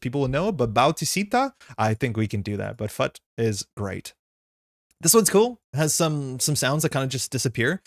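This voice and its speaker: A man hosting a live stream, chatting casually and thinking aloud as he slowly tries out how words are pronounced. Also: medium pitch, dry recording, clean studio sound. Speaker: stream host.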